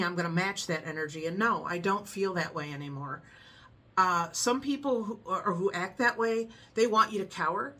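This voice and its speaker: A middle-aged American woman vlogger tells her viewers a story in a casual chat, her voice medium in pitch. She laughs often and keeps a calm, frank manner.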